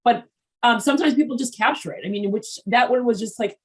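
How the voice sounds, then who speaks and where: A woman hosting an interview show, chatty and frank, quick to laugh. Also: fairly high pitch, slightly rough, poor audio. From Haitian background. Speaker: podcast host. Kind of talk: casual interview chat.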